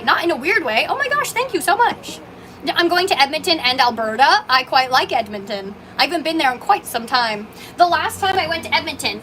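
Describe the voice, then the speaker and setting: A woman's voice: extremely high pitch, noisy background. A woman who owns a coffee shop, chatting on a livestream and reading out viewer comments in a bubbly, gushing, emotional way. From Canada. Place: small coffee shop, indoors.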